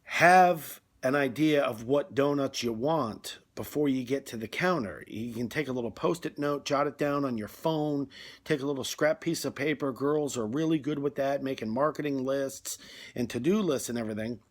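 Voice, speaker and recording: A man's voice: medium pitch, normal speed. A man delivering a rambling, conversational comic monologue, full of fillers. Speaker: comedy video host.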